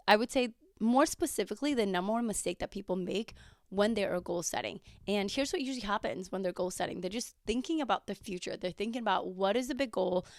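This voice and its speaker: A woman hosting her own podcast in a chatty, casual way, her voice raspy as she comes down with a cold. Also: mid-range voice, no echo, clean studio sound. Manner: chatty, with fillers and quoted asides. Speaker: podcast host and coach. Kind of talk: casual solo podcast talk.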